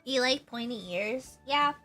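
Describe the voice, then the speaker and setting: Young woman streaming, high bright voice, rambly and giggly, bit of music behind. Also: measured pace. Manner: bubbly, rambling, laughs often, repeats herself. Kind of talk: casual chat with stream chat.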